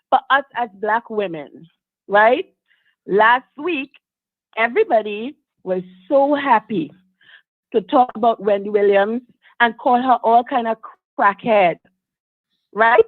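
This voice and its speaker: A woman from Trinidad calls into a live talk show and emphatically shares her views. Her voice is fairly high, coming through a tinny, dry phone line with no room sound.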